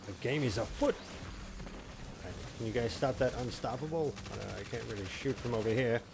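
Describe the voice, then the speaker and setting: A man in his thirties chatting casually and rambling with jokes while he live-streams a game, now and then breaking into loud mocking shouts. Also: medium pitch, normal speed, gravelly, noisy background. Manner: rambling, jokey, shouts in bursts when mocking. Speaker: gaming streamer. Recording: game gunfire audible in background. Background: game gunfire and explosions.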